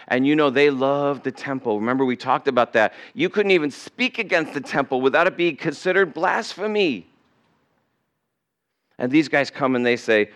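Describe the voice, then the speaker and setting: Expressive male pastor preaching. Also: on the high side, moderate pace. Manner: dramatic swings between loud emphasis and hushed asides. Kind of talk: sermon.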